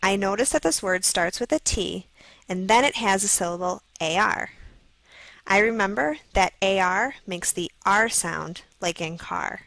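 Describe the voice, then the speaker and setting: A woman narrating a scripted phonics video for children, slowly sounding out letters and words. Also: medium pitch, fairly bright tone, dry recording, rough recording. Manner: slow, clearly sounding out letters.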